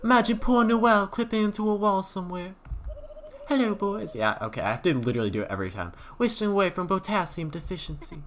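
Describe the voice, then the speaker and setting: A man voicing a haughty, theatrical queen with a slow, posh, drawn-out delivery. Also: sits high, animated, fairly bright tone, slight background noise, pitched above the performer's own voice. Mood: regal, haughty.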